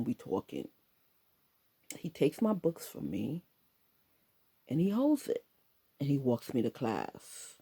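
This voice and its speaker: A woman's voice: sits low, husky. A middle-aged woman casually telling a personal story, laughing often and acting out her own past lines. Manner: animated, laughing often, quoting herself.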